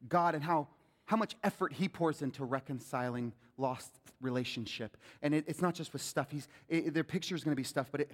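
A man preaching a sermon as a pastor, animated and calling out questions to the congregation. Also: medium pitch. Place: church sanctuary. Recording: long hall reverb.

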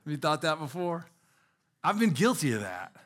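A man's voice: fairly high pitch, very animated, moderate pace. A middle-aged man preaching a sermon as pastor, earnest, asking the congregation rhetorical questions.

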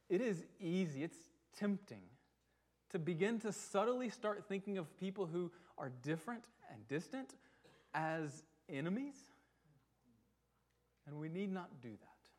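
A pastor delivering a sermon to his church, earnest and emphatic, slowing on key words and asking rhetorical questions. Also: high voice, lively intonation, a little mellow.

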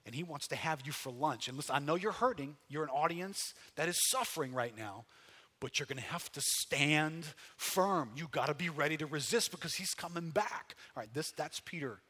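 Brief: man, pastor, conversational sermon, bright tone, big echoing sanctuary. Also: fairly high pitch, lively intonation, brisk, hardly any pauses, husky. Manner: conversational, earnest, frequent restarts. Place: church sanctuary.

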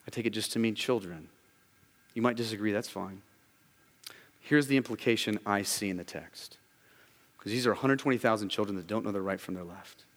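A man's voice: lowish voice, a little fast, long pauses. A man preaching a sermon as pastor, emphatic, often repeating words as he starts a sentence. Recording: long reverb of a large hall.

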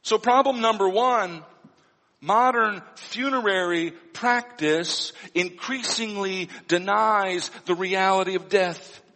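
A man preaching a sermon as a pastor, blunt and wry with slow dramatic pauses. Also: high-pitched, sharp tone. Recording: long hall reverb.

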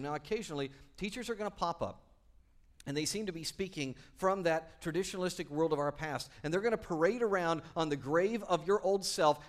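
Pastor, male, higher-pitched, energetic sermon delivery with big dynamic swings. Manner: enthusiastic, swings from quiet to loud emphatic peaks.

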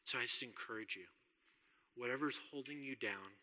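A man gives an earnest, conversational sermon and repeats words to press his points. His bright, ringing voice sits at a middle pitch. A long reverb trails after him, as in a large hall. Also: normal speed. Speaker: preacher.

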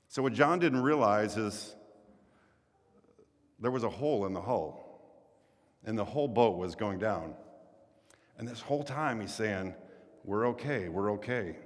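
A man preaching a sermon, telling a story with animated quoted voices and then dropping to a low, quiet delivery. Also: long reverb tail. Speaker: pastor.

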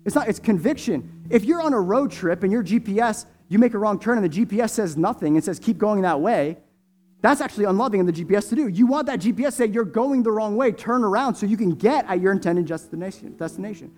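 A male pastor leading his congregation in prayer before communion, moving from hushed, slow prayer to loud, impassioned preaching. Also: high voice, animated. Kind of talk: sermon and prayer.

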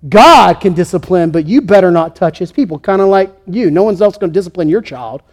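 A man's voice: high voice, lively intonation, a little fast. A man preaching a sermon, emphatic, acting out the voices he quotes. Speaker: pastor.

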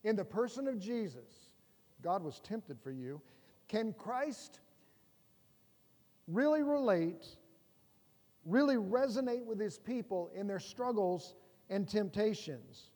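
Middle-aged male pastor, high-pitched, chatty preaching with jokes and rhetorical questions, long church reverb. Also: expressive, slow pace, long pauses, dark tone. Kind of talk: sermon.

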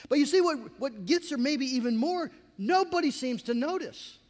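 A man preaching a sermon as a pastor, in a conversational, animated way with asides to the congregation. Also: very high voice, normal speed, long reverb tail.

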